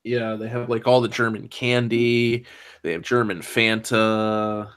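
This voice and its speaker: A man's voice: on the low side, little pitch movement, measured pace, fairly bright tone, clear, resonant tone. A man chatting casually on a stream, laid-back and blunt, swearing now and then.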